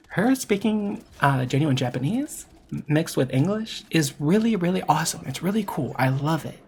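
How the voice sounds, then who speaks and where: In an opinionated monologue, a VTuber commentator critiques a game with a medium-pitched, darkish voice carrying vocal fry, over slight background noise. They hammer points home by repeating them and often correct themselves mid-sentence with filler words.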